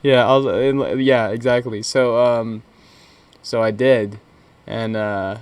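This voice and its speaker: A young man in casual, crude podcast banter. His pitch sits in the middle range and his telling wanders, full of fillers and restarts. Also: fairly even intonation, over a noisy crowd. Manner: rambling, halting with many fillers and restarts. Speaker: podcast co-host.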